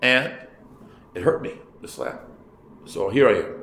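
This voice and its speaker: A man voicing an irreligious middle-aged man who tells, blunt and halting, of a strange dream. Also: medium pitch, animated. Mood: sheepish. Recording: echoey room, faint background noise.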